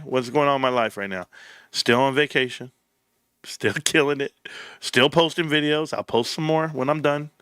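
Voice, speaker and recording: A man's voice: mid-range voice, a bit bright, clear, resonant tone, no room sound, clean studio sound. A man in his thirties hosting a casual livestream, joking and slipping into bits of song. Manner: joking, breaks into singing. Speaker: livestream host.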